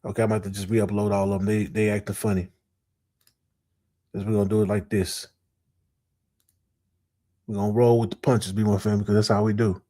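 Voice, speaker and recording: A man hosting a reaction commentary show, talking in a slangy, animated way straight to his audience. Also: fairly low pitch, fairly quick, long pauses. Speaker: host.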